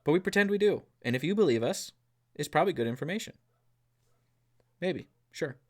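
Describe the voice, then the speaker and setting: A man from the northern US co-hosts an outdoors podcast, chatting casually in a jokey way that rambles onto tangents. His voice is on the high side, animated, and fairly quick.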